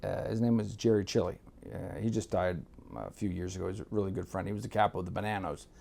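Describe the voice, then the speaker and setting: Gravelly man swapping blunt stories. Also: low-pitched, fairly even intonation, fast talker, mellow. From Miami, United States. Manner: blunt, swears freely, acts out quotes. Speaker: guest. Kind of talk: casual storytelling.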